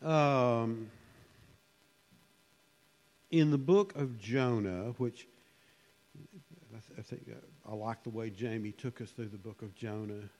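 A man preaching a conversational sermon in a church hall, musing and unhurried, with frequent fillers. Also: mid-range voice, darkish tone. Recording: long hall reverb.

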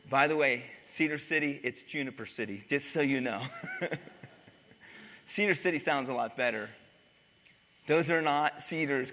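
A male pastor preaching a sermon, swinging from loud to hushed. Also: a little high. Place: church sanctuary. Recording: reverberant church hall.

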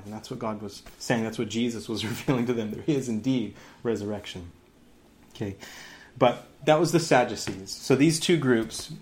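A man in his thirties, a pastor giving a lively sermon, laughing often and dropping into sarcasm. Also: medium pitch, a little hiss or hum.

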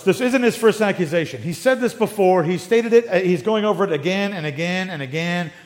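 Male preacher, high register, informal and lively Bible teaching. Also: moderate pace. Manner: lively and informal, with joking asides. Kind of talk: conversational sermon with slides.

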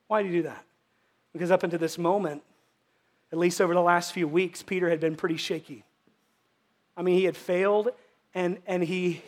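Guy preaching a sermon, pretty high voice, gets loud then drops real quiet. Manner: animated, swings from loud to hushed. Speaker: pastor.

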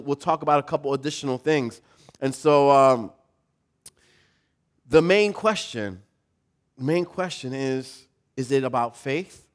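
Casual man preaching a sermon. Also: mid-range voice. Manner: casual, storytelling, self-deprecating humor. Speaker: pastor.

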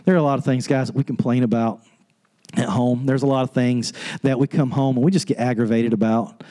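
A pastor preaching an earnest sermon on grief, rising to an impassioned pitch. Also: male voice, fairly even intonation, a little fast. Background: soft guitar music.

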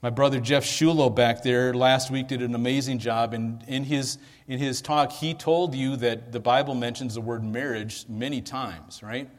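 A man preaching a sermon, playful and energetic as he leads the congregation in gestures. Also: mid-range voice, moderate pace, few pauses. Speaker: pastor. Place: large hall, church sanctuary. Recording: long hall reverb.

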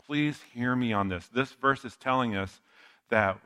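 A man's voice: mid-range voice, a little slow, pushed and bright, smooth. A man preaching a sermon as a pastor, talking conversationally and telling stories with asides to the listener.

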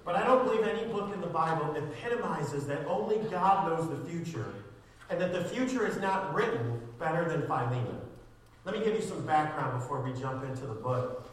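A man's voice: on the high side, expressive, a little fast. A man preaching a sermon as a pastor, with a sarcastic streak, building to fervent emphasis. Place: church sanctuary. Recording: echoey church hall, distant mic.

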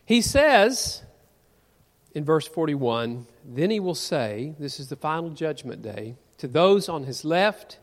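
A man in a church sanctuary delivers an earnest sermon, often putting rhetorical questions to the congregation. His voice sits somewhat high for a man, and it carries a long echo through the hall. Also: big pitch swings, slow. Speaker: preacher.

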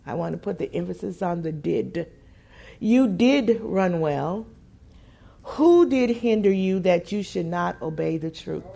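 A woman preaching a sermon, musing quietly at times and building to emphatic, repeated phrases at others. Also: on the low side, expressive, normal speed, creaky, few pauses.

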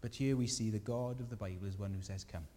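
A man gives an earnest, gentle sermon in a mellow, mid-pitched voice. His words ring out in a large church hall with long reverb, and a faint low rumble sits underneath. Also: quick pace. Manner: earnest, gentle preaching with rising emphasis. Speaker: pastor.

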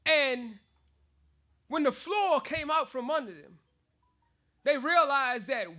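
A man preaching, his voice sitting very high and ringing sharp and bright. He keeps it animated, breaking into laughter between phrases and hammering words through repetition. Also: slow pace, long pauses. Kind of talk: sermon.

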